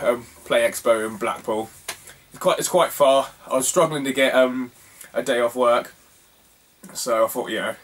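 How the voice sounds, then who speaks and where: A man's voice: medium pitch, far from the mic. Chatty young man, rambling and laughing. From England. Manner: rambling, laughs often, lots of fillers. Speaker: retro game collector vlogger. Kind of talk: casual chat.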